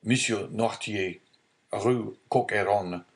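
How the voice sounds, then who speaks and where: A man's voice: on the low side, slow pace. A man voicing a stern male deputy prosecutor in an audiobook, stiff and formal, giving orders.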